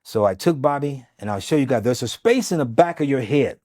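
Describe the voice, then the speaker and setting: A man's voice: mid-range voice, lively intonation, brisk, darkish tone, no echo, clean studio sound. A man who is a doctor, telling an emphatic, dramatic story in an interview and acting out what people said. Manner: dramatic, emphatic, acts out quotes. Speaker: guest, doctor. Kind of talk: animated storytelling.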